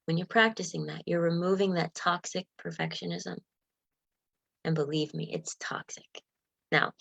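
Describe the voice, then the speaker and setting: Earnest low-voiced woman giving a self-help talk. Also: creaky, muffled recording. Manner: earnest, emotional, laughs often, acts out inner voices. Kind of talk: motivational talk.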